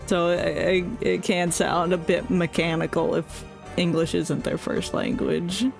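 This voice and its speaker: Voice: mid-range voice, level tone, measured pace, vocal fry, over music. A streamer with a Northeastern American accent, raised partly in the South, chatting casually and laughing often while reading game text aloud. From United States, South and Northeast. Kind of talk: casual let's-play chat.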